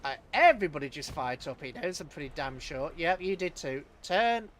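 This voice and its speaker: A man's voice: a little high, sing-song, normal speed, a bit bright, slight background noise. A man chatting casually through a live game stream, laughing often and talking to his chat. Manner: chatty, chuckling, talks to chat. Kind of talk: live gameplay commentary.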